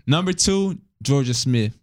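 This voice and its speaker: A man's voice: mid-range voice, animated, a little slow, no echo, clean studio sound. Laid-back man chatting on a podcast. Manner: laid-back slang, laughs often. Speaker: podcast co-host. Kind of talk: casual podcast chat.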